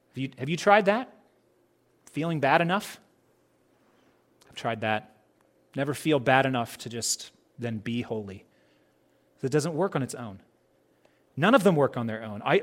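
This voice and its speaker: A man delivering a sermon from the pulpit in a relaxed, conversational tone. His voice sits a little higher than most men's, and he keeps posing rhetorical questions to the congregation while acting out short exchanges of dialogue. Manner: conversational, acts out quoted dialogue; uses many rhetorical questions. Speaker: pastor.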